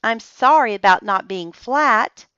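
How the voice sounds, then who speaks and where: A woman's voice: fairly high pitch, lively intonation, a little slow, bright, forceful tone, clean tone, dry recording, lo-fi sound, pitched above the performer's own voice. A woman voicing a polite, earnest young boy in a storybook reading.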